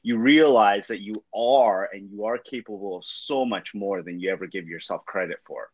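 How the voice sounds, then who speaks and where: A man hosting an interview, responding in a relaxed, affirming way. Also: fairly low pitch, normal speed, no echo. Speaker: host. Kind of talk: casual interview chat. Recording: dull, dry sound.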